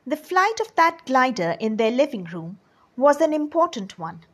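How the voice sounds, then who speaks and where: A woman reads a children's story aloud in a breathy, fairly high voice, speaking slowly with a lively rise and fall. Her delivery is expressive, and she addresses the children directly.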